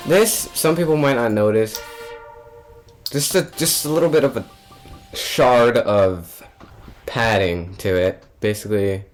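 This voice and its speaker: A man's voice: medium pitch, a little slow, pauses often, soft background music. Offhand young man explaining his beat. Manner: loose and offhand, with many fillers and restarts. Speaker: music producer. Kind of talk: casual tutorial narration.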